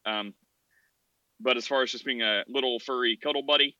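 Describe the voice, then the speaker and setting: A man's voice: medium pitch, fairly even intonation, moderate pace, sharp tone, no room sound, dull audio. Male podcast host, casual rambling delivery, mid-range voice, dry close sound. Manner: chatty, rambling, gets worked up.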